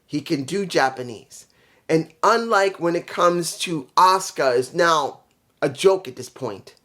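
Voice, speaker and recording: A man's voice: on the high side, fairly bright tone. A man giving a casual solo review of a wrestling show, rambling and blunt, swearing freely and trailing off with fillers when he forgets details. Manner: rambling, profane, blunt opinions.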